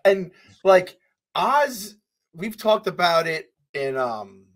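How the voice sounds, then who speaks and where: A man co-hosting a podcast in casual chat, excitable and rambling, swearing freely with lots of fillers. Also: sits high, takes it slowly. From US Northeast. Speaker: podcast co-host.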